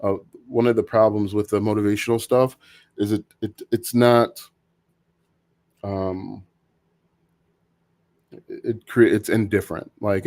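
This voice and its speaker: Casting: man, lowish voice, livestream host, casual and opinionated, stumbles and restarts. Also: level tone, a little mellow. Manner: halting, frequent restarts and fillers, opinionated. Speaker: livestream host answering viewer questions. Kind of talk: casual live Q&A talk.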